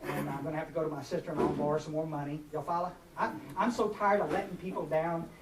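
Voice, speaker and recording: A man's voice: a little high, steady tone, quick pace. A man with a drawl in his forties, giving a rambling, self-mocking personal talk to a recovery meeting, with many fillers and restarts. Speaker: speaker at a recovery workshop. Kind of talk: personal share to a live group. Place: meeting hall. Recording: echoey room, far from mic, noisy.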